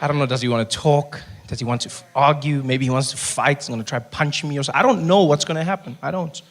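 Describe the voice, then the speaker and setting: A man with a South African accent doing stand-up storytelling, animated, rushing through bursts of nervous self-talk. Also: on the high side. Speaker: stand-up comedian. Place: stage before a live audience. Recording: noisy live stage recording.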